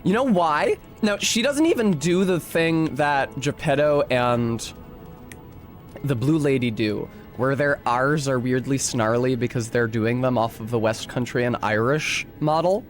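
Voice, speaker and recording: A man's voice: mid-range voice, a little slow, faint music behind. A young man streaming a video game, commenting in a sarcastic, rambling way. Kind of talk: let's-play commentary.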